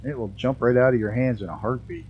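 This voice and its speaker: A man with a mixed New York and Canadian accent and a trace of Southern US, giving live game commentary at a middle pitch. He laughs a lot and blurts out excited exclamations, his speech hampered by a damaged tooth. The stream mic sounds dull and lo-fi. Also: fast, a little hiss or hum. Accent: mixed New York and Canadian with a hint of Southern US.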